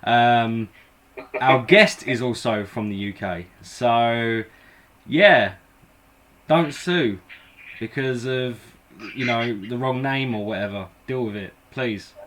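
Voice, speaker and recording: A man's voice: mid-range voice, slow, fairly bright tone. An English man hosting a live paranormal show, chatting casually in a rambling, self-deprecating, joking way. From England. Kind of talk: casual live-stream chat.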